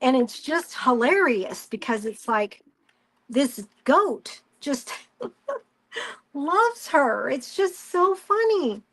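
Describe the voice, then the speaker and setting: High-voiced woman chatting slowly. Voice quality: chatty storyteller, animated retelling with quoted voices. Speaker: crafting live stream host. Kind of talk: casual chat while crafting.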